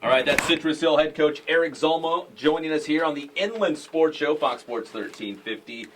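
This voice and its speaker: A man hosts a local sports talk show, his voice sitting a little high for a man. He jokes with his co-hosts and gets excited easily. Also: moderate pace, a little hiss or hum. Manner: excitable and jokey.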